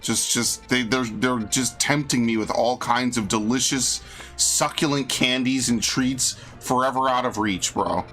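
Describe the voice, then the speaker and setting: Brief: young New guy streaming games, fed up and swearing, mid-pitched bright voice. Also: steady tone, unhurried, soft background music. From New York. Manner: exasperated, profane ranting. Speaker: game streamer. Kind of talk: live game stream commentary.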